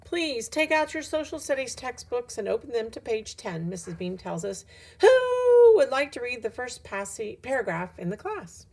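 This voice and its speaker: A woman voicing a strict storybook schoolteacher who talks down to her pupil in a crisp, raised voice. The tone is gravelly and husky underneath, and the teacher sounds prim and patronizing. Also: a little high, big pitch swings, moderate pace, darkish tone, voice pushed up, heavily acted. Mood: instructive.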